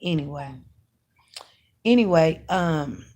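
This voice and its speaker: A woman talking straight to her viewers in a relaxed, chatty way and stressing her points with emphasis. She takes her time and lets each sentence unfold slowly. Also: deep voice. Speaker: online news commentator. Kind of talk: casual storytelling to viewers.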